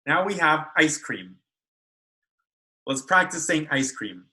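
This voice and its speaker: A man's voice: fairly high pitch, very animated, slow pace, pushed and bright, low-quality recording. A man speech therapist teaching children how to make speech sounds in a video lesson, carefully modeling each sound. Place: school.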